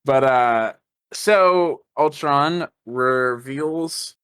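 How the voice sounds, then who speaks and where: A man's voice: medium pitch, drawn-out words, a bit bright, smooth. A man co-hosting a podcast, chatting casually and often questioning plot details with a laugh. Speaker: podcast co-host. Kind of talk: casual movie discussion.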